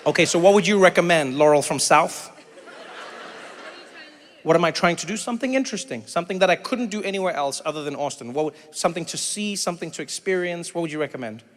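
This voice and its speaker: A middle-aged man from South Africa doing animated stand-up comedy with crowd work, acting out voices as he tells stories. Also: fairly high pitch, quick pace, a little hiss or hum. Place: large theater stage. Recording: reverberant hall with faint ambience.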